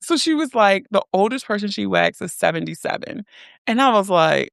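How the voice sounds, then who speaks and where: A woman hosting a casual podcast chat, teasing her guest and laughing easily. Her pitch sits in the middle. The recording is dry and close. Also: expressive, moderate pace, gravelly, no echo. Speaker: podcast host.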